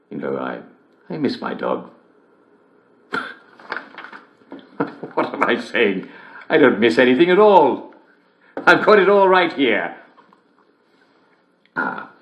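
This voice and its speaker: A man's voice: on the low side, a bit bright, echoey room, full character voice. An actor playing a jolly, smarmy, cheerfully callous male TV host who presents a joke show in a giggly, theatrical way. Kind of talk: game character broadcast.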